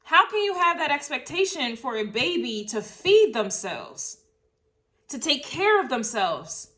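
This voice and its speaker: A woman's voice: sits high, sing-song, measured pace, fairly bright tone. A woman giving a casual tarot reading, talking emotionally and repeating herself as she thinks aloud. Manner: casual, uses swear words. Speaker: tarot reader.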